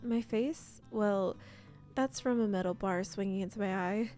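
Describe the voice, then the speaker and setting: A woman's voice: mid-range voice, unhurried, a little mellow, faint music behind, lightly acted. A woman voicing a sheepish young male builder in a cozy role-playing game, explaining his injuries plainly in close to her own voice.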